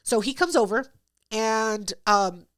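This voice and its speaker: A woman's voice: a little high, lively intonation, slow pace, a bit bright. A woman hosting a podcast, telling a story in casual, profane chat and acting out both sides of it. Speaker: podcast host.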